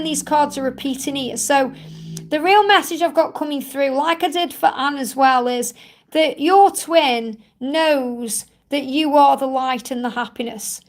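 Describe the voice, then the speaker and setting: A woman hosting a live stream, reading tarot cards for viewers in a soothing, reassuring way. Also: sits high. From England. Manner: soothing, reassuring, repeats "okay?" and "so".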